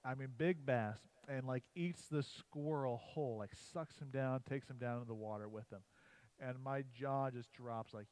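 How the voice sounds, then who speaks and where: A man's voice: mid-range voice, a little mellow, poor audio. A man on a church livestream casually telling a hunting story and a joke, rambling and chatty. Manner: rambling, uses "like" often, chatty.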